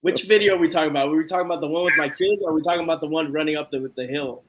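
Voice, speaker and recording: A man's voice: fairly high pitch, racing, background noise. A man hosting a live stream, telling a story with lots of energy and acting out the quotes. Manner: animated storyteller, acts out quotes. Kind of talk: casual storytelling chat.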